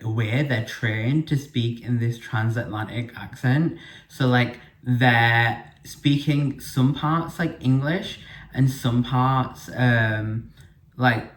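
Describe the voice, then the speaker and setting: Young man, podcast host, chatty and rambling, mid-pitched, echoey living room. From United Kingdom. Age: young adult. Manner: chatty and rambling, with frequent fillers and self-corrections. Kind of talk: casual solo podcast monologue.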